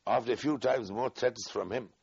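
Older guy's oral history, raspy and gravelly, does all the voices, muffled old tape. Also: mid-range voice, normal speed, dry recording. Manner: animated storyteller, acts out dialogue, laughs often. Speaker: interviewee.

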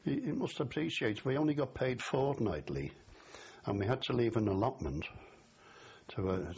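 An older man from the Liverpool area speaks in a broad Scouse accent, his low voice rising and falling widely as he tells his stories. He chuckles at his own memories. The recording is dull and lo-fi, with a faint hiss. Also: darkish tone, breathy edge. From Liverpool area, England. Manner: chatty storyteller, laughs at his memories. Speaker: interviewee. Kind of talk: oral history interview.

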